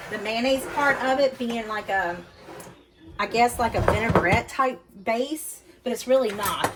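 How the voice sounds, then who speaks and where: A woman with a slightly high voice hosts a casual cooking demo from her home kitchen, chatting folksily straight to viewers. Dishes and utensils clatter amid the background noise.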